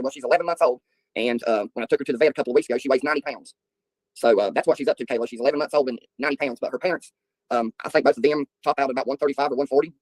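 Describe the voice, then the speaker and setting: A man's voice: on the high side, no echo. A middle-aged man telling rambling, folksy stories to viewers on a casual livestream, often chuckling. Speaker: livestream host. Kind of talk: casual storytelling chat with viewers.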